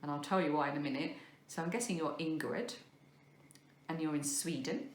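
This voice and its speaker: Rambling woman with a low voice. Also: brisk. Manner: rambling, self-deprecating, many fillers. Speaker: podcast host. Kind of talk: casual chat showing crafts to camera. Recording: echoey room.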